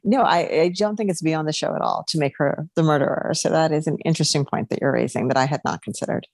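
A woman's voice: deep voice, quick pace, a little mellow, no room sound. A woman co-hosting a podcast, chatting casually about a TV show with frequent laughs and hedging fillers. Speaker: podcast co-host, lawyer. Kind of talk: casual chat reviewing TV.

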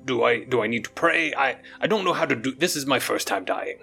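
A man's voice: mid-range voice, expressive, a little fast, vocal fry, sharp tone, husky, soft background music, exaggerated voice. A man voicing a proper, courteous cat-folk adventurer in a tabletop game, speaking formally and a little hesitantly. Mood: earnest, puzzled. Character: proper, polite catfolk male adventurer.

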